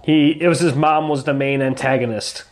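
A man's voice: medium pitch, steady tone, brisk. Rambling casual man, many fillers. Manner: rambling, filler-heavy, hesitant. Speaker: podcast co-host. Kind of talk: casual chat.

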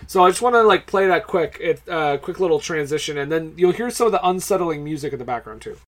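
A man's voice: fairly high pitch, expressive, fast, a little hiss or hum. A man co-hosting a casual film podcast, talking in a chatty, laughing way and often restarting his sentences. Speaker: podcast co-host.

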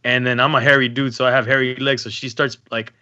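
A man chatting casually on a podcast, telling lively stories and swearing freely, often acting out other people in a squeaky falsetto. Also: quick pace, dry recording, lo-fi sound. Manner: animated storyteller, acts out voices in high falsetto. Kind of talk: casual chat.

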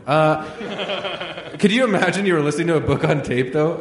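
A man's voice: a little high, steady tone, slight background noise. Teasing man in echoey room. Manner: teasing, quick banter, laughs often. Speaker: podcast host. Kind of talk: casual comedic chat. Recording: roomy echo.

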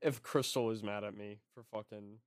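A man's voice: lowish voice, steady tone, moderate pace, clear, resonant tone. A young man co-hosting a casual gaming podcast, candid and self-mocking, swearing a lot. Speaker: podcast co-host.

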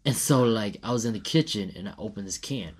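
A man in his thirties tells a story in casual chat, slangy and animated. He acts out what people said as he goes. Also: fairly low pitch, a little fast, husky.

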